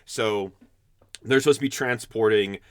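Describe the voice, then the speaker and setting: A man's voice: on the low side, unhurried, clear, resonant tone, dry recording. A man co-hosting a podcast, recapping a movie plot in a rambling, profane way with frequent laughs. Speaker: podcast co-host. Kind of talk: casual chat, recapping a movie.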